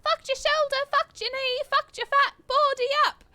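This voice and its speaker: A woman voicing a taunting, bratty young boy in a game, screeching and yelling at high volume. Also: fairly even intonation, normal speed, dry recording, full character voice.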